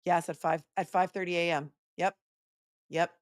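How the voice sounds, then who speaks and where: A sarcastic woman attorney talks over courtroom clips in a low, dry voice. She comments live and pointedly, with a close, dead-sounding mic. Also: normal speed, no room sound. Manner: sarcastic, animated asides. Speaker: attorney commentator hosting a livestream.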